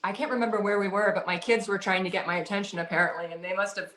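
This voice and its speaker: A woman's voice: mid-range voice, fairly even intonation, very fast, fairly bright tone. Rambling woman on a roomy video call. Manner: rambling, many "like"s, laughs often. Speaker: guest. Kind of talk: casual spiritual storytelling. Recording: roomy echo.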